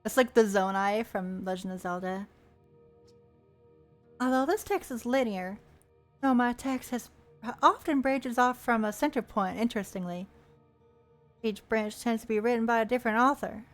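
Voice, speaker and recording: A playful woman streamer talks over a game, reading its text aloud and tossing in jokes between lines. Her voice sits a little high. Soft game music plays faintly behind her. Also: moderate pace, long pauses. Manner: playful, chatty, reads text aloud with asides.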